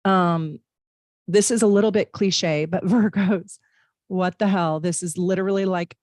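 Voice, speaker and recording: A woman's voice: fairly low pitch, fairly even intonation, measured pace, a little mellow, dry recording, clean studio sound. A woman hosting a live-stream tarot reading, chatting in a bubbly way with viewers and reading their comments aloud.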